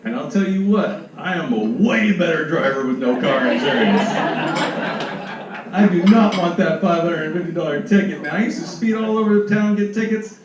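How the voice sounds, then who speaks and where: A man's voice: a little high, animated, moderate pace, very echoey. A middle-aged man hosting a live comedy show, telling self-deprecating stand-up jokes into a handheld microphone. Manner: wry, self-deprecating punchlines. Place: live comedy room with audience laughter. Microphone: handheld stage microphone. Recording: distant, dull, noisy live room recording.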